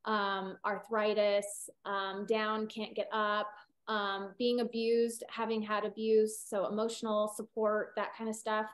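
A woman's voice: mid-range voice, flat delivery, a little slow. A middle-aged woman veterinarian from California, chatting in an interview, rambling with many fillers and restarts. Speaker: holistic veterinarian guest. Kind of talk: casual interview conversation.

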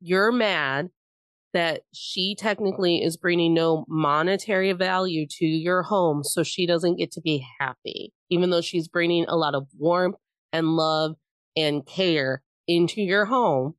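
A woman with a slightly low voice chats on a podcast, animated and laughing easily, cursing casually as she tells stories. She sits close to the mic in a dry, dead room. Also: dry recording. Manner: animated, swears casually, laughs often, breaks into quick impressions.

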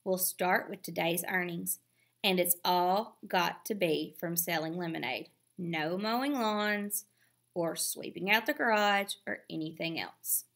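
A woman reading aloud, voicing a proud, quick-tempered young girl with a snappy, boastful manner. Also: on the low side, gravelly, fairly bright tone. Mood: scheming.

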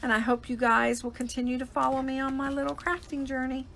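Chatty woman with vocal fry. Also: sits high, little pitch movement, fairly quick, a bit bright, a little hiss or hum. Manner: chatty, explains each step as she works. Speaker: paper crafting host. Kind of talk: live crafting demonstration.

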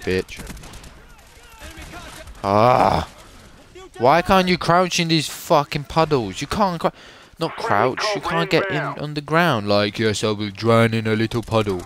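A man's voice: mid-range voice, takes it slowly, fairly bright tone. A young man giving sarcastic, profane commentary while playing a shooter game. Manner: sarcastic, swearing, frustrated. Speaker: gameplay commentator. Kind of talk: casual profane gameplay commentary.

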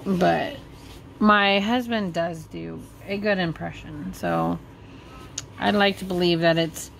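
A woman's voice: fairly low pitch, slow pace, gravelly, a little hiss or hum. A woman hosting her vlog in casual chat, teasing and playful. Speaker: vlog host.

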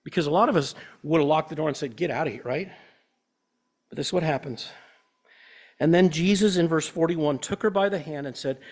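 Earnest pastor with a higher voice. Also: male voice, brisk, long pauses. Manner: earnest, conversational, personal storytelling. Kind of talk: sermon. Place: church.

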